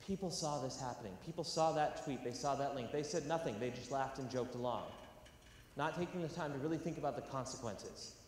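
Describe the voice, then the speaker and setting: A man's voice: mid-range voice, a little fast, far from the mic. Brief: young male speaker from California, emphatic and earnest with light jokes; long hall reverb, faint background noise. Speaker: educational theatre speaker. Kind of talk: public talk to a live audience. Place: large university hall.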